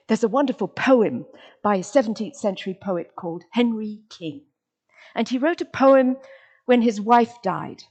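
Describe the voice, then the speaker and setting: A woman's voice: mid-range voice, moderate pace. A woman giving a lecture, stressing the rhythm of words and asking her listeners rhetorical questions. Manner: expressive, sounding out rhythm of words. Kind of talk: lecture with dramatic read-aloud passages.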